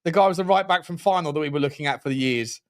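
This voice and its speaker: A man co-hosting a football podcast, talking excitedly in casual slangy chat, rambling and cutting himself off mid-sentence. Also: on the high side, very fast. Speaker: podcast co-host.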